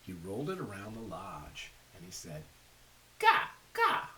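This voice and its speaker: A man's voice: deep voice, moderate pace. A man reading a picture book aloud to children, stopping to ask his listeners questions. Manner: animated, asks the listeners questions. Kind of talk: read-aloud storytelling. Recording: faint hiss, a little distant from mic.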